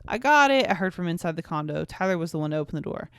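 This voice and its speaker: A woman's voice: sits low, steady tone, very fast, gravelly, no echo, studio quality. A young woman podcast host reading aloud a fanfic she wrote as a teen, tipsy and giggly, breaking off for asides. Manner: tipsy, giggly asides between read passages.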